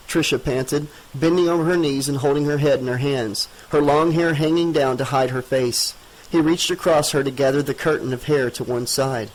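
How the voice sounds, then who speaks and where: A man narrating a horror audiobook in a steady, dramatic reading. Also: medium pitch, moderate pace, rough recording.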